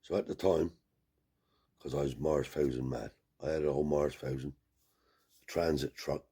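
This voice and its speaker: A man tells a long, rambling story in loose country dialect. His voice sits very low and sounds dark and mellow. There is a husky, breathy grain to it. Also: fairly even intonation, moderate pace. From Cornwall. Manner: rambling yarn with dialect grammar. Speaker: travelling scrap dealer. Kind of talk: casual storytelling.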